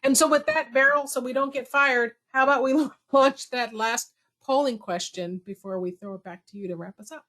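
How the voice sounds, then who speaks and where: A woman hosting a webinar over a video call, talking in a chatty, lively way with self-deprecating asides. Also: on the high side, moderate pace. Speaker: webinar host. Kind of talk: conversational webinar talk.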